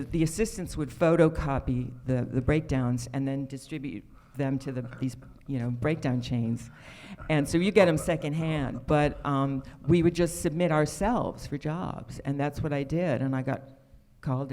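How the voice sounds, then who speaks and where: A man, an actor guest on a convention panel, recalls his start in a halting, casual way with many restarts. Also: a little high, fairly even intonation, a little mellow. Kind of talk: casual recollection. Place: convention hall.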